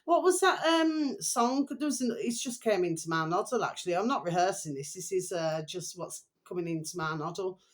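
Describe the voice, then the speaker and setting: A woman's voice: fairly low pitch, lively intonation, moderate pace, few pauses. Rambling woman vlogger. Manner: rambling, keeps repeating a pet phrase to viewers. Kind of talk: casual unrehearsed chat to camera.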